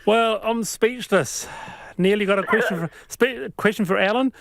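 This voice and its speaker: A man with a New Zealand accent hosting a live radio show, often halting and restarting. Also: high-pitched, vocal fry, noisy background. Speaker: radio host. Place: radio studio.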